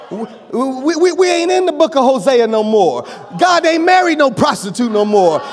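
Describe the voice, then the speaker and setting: A male pastor preaching a sermon, joking with the congregation and rising to shouts. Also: very high-pitched, very animated, normal speed, hardly any pauses. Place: church sanctuary. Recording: long reverb of a church hall.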